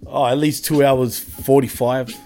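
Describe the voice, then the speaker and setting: A man's voice: medium pitch, flat delivery, measured pace, dark tone, faint music behind. An Australian man guesting on a podcast, bantering in an easygoing way and laughing often. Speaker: guest co-host. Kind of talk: casual podcast chat.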